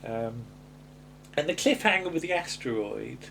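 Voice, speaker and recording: A man's voice: on the high side, lively intonation, moderate pace, creaky, a bit bright, slight background noise. A man co-hosting a podcast, chatting casually about an old TV episode and musing aloud with many fillers and restarts. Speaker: podcast co-host.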